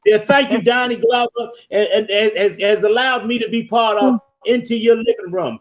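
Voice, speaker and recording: A man with a high voice tells a story like a preacher giving a sermon, with lively, rolling cadences as he hosts a podcast. The audio is dull and lo-fi, like a call recording. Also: moderate pace, hardly any pauses. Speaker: podcast host.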